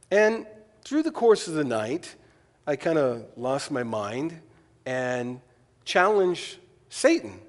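A man preaching a sermon as pastor, telling stories with lively quoted asides and shifting between loud and soft delivery. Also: fairly high pitch, in a large hall. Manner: storytelling, animated asides and quoted voices.

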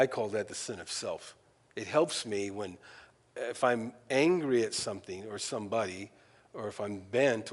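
A man preaching a sermon with a lively, swooping delivery, acting out little conversations and poking fun at himself. His voice rings out with a long echo, as if it fills a large church sanctuary. He talks in a plain, homespun way. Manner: animated, acts out quoted dialogue with jumps in pitch; folksy, self-deprecating humor. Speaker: pastor.

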